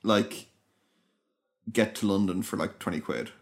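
A man's voice: sits low, animated, unhurried. A man co-hosting a podcast in casual chat, adding brief, dry quips. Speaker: podcast co-host.

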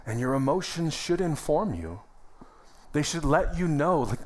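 A man's voice: a little high, expressive, unhurried, slight background noise. A young adult man, a pastor, preaching a sermon in a church in a conversational, emphatic way with calls of amen. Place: church sanctuary.

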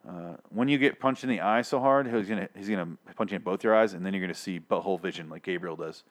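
A man's voice: low voice, fast. Male solo podcast host, sarcastic and foul-mouthed ranter. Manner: profane, sarcastic, animated rant. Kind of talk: ranting solo show review.

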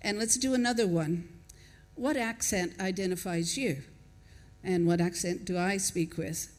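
A woman with a fairly low, slightly mellow voice preaches at a measured pace to her congregation in Australia, where she lives though she's not from there. Her sermon is conversational and reflective, full of spoken-aloud thoughts, questions to listeners, and chuckles between points.

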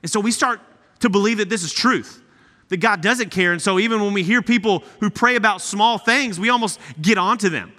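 Man, guest preacher, sermon, high bright voice, emphatic conversational delivery, echoey church hall. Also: a little fast.

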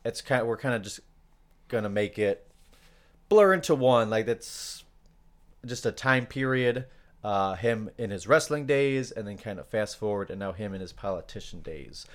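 A man co-hosting a podcast, talking casually with many pauses and fillers as he works through his notes. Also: on the low side, animated. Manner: hesitant, many fillers, loses his place. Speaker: podcast co-host.

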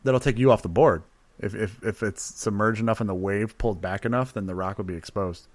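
A man's voice: lowish voice, a little fast, no echo. A man from California in a casual chat, joking and tossing in surfer slang.

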